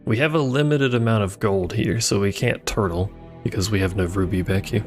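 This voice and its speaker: A man's voice: lowish voice, brisk, faint music behind. A man streaming a video game, chatting casually with rambling, playful asides. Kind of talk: casual gameplay commentary.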